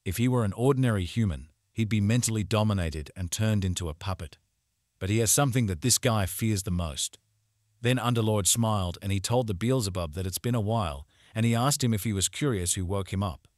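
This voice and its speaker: A man's voice: on the low side, fairly quick, darkish tone, no echo, studio quality. A man narrating a story recap, retelling events in plain reported speech.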